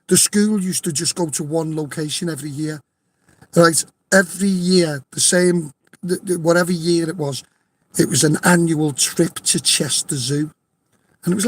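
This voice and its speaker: A man from Liverpool, England, with a voice on the high side, tells a rowdy anecdote in casual chat, with slight background noise. He swears freely, laughs often, and insists the story is true.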